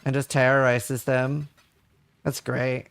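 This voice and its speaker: A man's voice: medium pitch, little pitch movement, slow pace, vocal fry, a bit bright, clean tone, no echo. A man streaming a game and chatting casually with viewers, rambling and full of filler words. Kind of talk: casual livestream chat while gaming.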